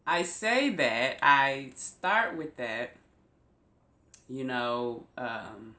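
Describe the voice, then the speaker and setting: A woman vlogger telling a personal story to her viewers, slow and emphatic, repeating phrases for weight. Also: very deep voice, bright, forceful tone, echoey room. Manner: slow, repetitive, emphatic retelling. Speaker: YouTube vlogger.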